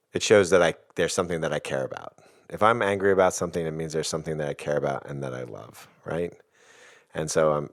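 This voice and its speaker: A middle-aged man in a podcast conversation, explaining ideas in a thoughtful, rambling way with soft laughs. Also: a bass voice. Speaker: podcast host and guest expert.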